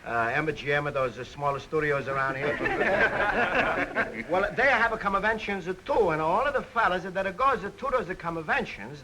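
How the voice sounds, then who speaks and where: A man's voice: high-pitched, bright, forceful tone, a little hiss or hum, low-quality recording. An actor putting on a comic broken-English dialect, playing a chummy, joking immigrant man who laughs as he talks.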